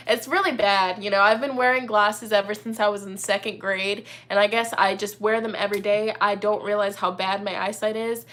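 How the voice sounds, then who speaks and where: A woman's voice: medium pitch, fairly even intonation, fairly quick, few pauses, fairly bright tone. A young woman hosting a casual live chat as a tarot reader, talking in an upbeat, rambling way full of "you know" and "like". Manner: chatty, upbeat, lots of fillers like "you know" and "like".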